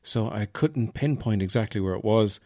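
Low-voiced Irish man rambling wryly. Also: normal speed, mellow, dry recording, clean studio sound. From Ireland, Offaly. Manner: rambling, wry, self-mocking. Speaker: podcast host. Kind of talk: casual comic monologue.

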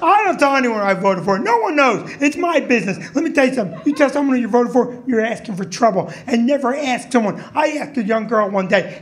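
A man doing a stand-up comedy set in a comedy club, shouting his punchlines in a loud, punchy voice. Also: very high-pitched, expressive, brisk, few pauses.

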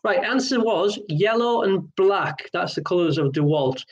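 A man's voice: high voice, expressive, unhurried, muffled recording. A man hosting an online pub quiz, chatty and jokey with rambling asides. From Wales.

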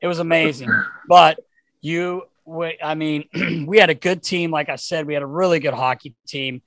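A man co-hosting a podcast, a former player himself, asking eager, halting questions in casual chat. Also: a little high, fairly even intonation, fairly bright tone, no echo, low-quality recording. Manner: enthusiastic, halting questions with restarts. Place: podcast studio.

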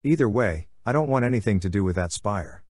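A man's voice: fairly low pitch, expressive, brisk, darkish tone, no room sound. A man voicing a grim, pessimistic male army officer with a blunt, curt manner.

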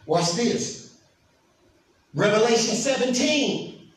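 Echoey high-pitched preaching man. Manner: emphatic preaching, asks the congregation questions. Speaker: pastor. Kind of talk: sermon. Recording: echoey hall from far off, faint noise.

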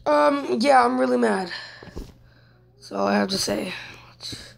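A young woman giving casual commentary over her own mobile football game, exasperated, dropping from whispered mutters to sudden yelps and shouts. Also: on the high side, measured pace, vocal fry, slight background noise. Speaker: gaming YouTuber.

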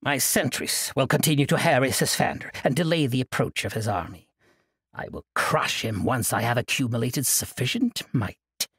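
A man's voice: mid-range voice, moderate pace, a bit bright, husky, dry recording, studio quality. A man voicing a cruel, commanding demon queen in an audiobook, with a silky, imperious manner.

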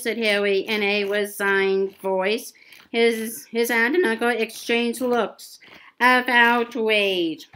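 A woman's voice: medium pitch, fairly even intonation, slow pace, a bit bright, rough recording. A woman reading a novel aloud, often stumbling and repeating words. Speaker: reader.

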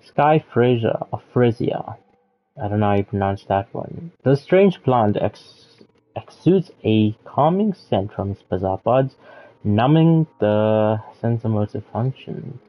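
Over phone-quality sound, this man speaks in a fairly low, animated voice without hurrying. He's streaming a video game as let's-play commentary, offering relaxed reactions, occasional swearing, and readings of the text on screen.

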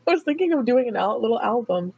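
A woman's voice: on the high side, big pitch swings, fast, gravelly, narrow, tinny audio. Rambling, giggly woman livestreaming. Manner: rambling, jumps between topics, laughs often. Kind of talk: casual livestream chat.

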